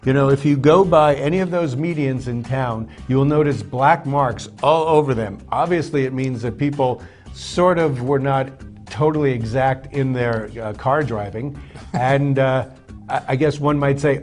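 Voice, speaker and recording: Rambling, halting man hosting a talk show. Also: medium pitch, a little mellow, faint music behind. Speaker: show host. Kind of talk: casual chat.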